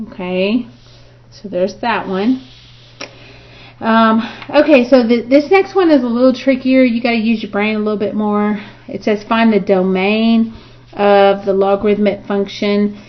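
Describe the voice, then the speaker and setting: A woman teaching a recorded math review, talking at a slow, unhurried pace. She walks through each step aloud and keeps checking in with her students. The recording is dull and lo-fi. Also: mid-range voice, steady tone. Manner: talks through steps aloud, frequent "okay" and "right?". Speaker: math instructor.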